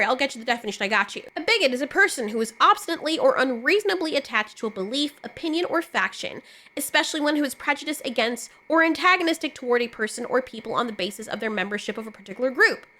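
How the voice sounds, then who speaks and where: A woman's voice: high voice, animated, fast talker, sharp tone. A woman YouTube commentator in a casual opinion rant, blunt and sarcastic, swearing freely.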